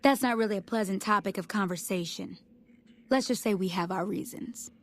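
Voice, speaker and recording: A woman's voice: mid-range voice, moderate pace, dry recording, close to an everyday voice. An actress voicing a kindly woman army officer in video game dialogue, polite and a little reserved. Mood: gentle.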